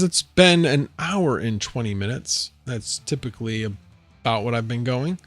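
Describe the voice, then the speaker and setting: A man hosts a casual home livestream, chatting loosely with viewers and thinking out loud. His voice sits at an ordinary middle pitch, with soft music playing faintly underneath. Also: animated, a little slow, no echo. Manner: rambling, answering chat, thinking aloud. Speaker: livestream host.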